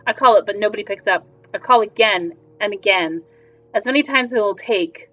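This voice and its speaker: A woman's voice: mid-range voice, brisk, a bit bright. Woman reading a visual novel aloud. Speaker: game player and reader. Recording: slightly dull lo-fi recording. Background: faint music.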